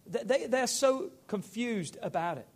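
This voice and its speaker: Pastor, male, high-pitched voice, emphatic sermon delivery. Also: expressive, measured pace. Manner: emphatic, building to loud preaching.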